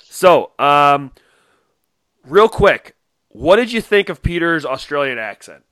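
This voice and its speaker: A man's voice: fairly high pitch, sing-song, slow, fairly bright tone, no echo. A man hosting a podcast in casual chat, laid-back and amused as he moves between segments. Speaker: podcast host.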